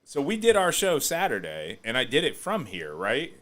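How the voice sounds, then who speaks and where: A man hosting a podcast, chatting casually and joking, often breaking into loud laughter. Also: medium pitch, normal speed. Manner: animated, joking, laughs loudly. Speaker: podcast host.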